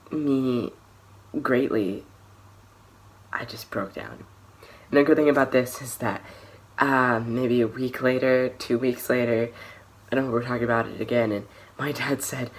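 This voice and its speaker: Soft-spoken young man telling his story. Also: medium pitch, a little hiss or hum. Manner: candid, hesitant, many restarts and trailing-off soft phrases. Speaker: vlogger. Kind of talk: personal storytelling to camera.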